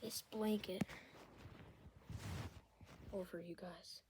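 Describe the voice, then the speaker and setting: A woman whispering softly as she makes relaxing ASMR sounds, rambling and a little self-conscious. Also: on the low side, fairly even intonation, extremely slow, background noise. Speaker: video creator.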